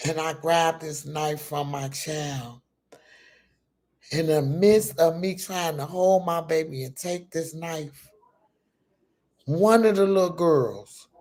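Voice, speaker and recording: A middle-aged mother tells her story at a slow, drawn-out pace. She is emphatic and profane, and keeps turning to her viewers with "y'all" as she talks. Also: deep voice, a little mellow.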